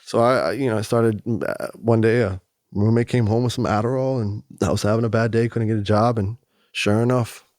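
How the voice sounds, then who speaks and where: A man telling his story in a candid, animated conversational way, often slipping in "you know" and "man". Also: on the low side, fairly quick, no room sound, studio quality. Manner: animated, acts out other voices, frequent "you know" and "man". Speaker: guest.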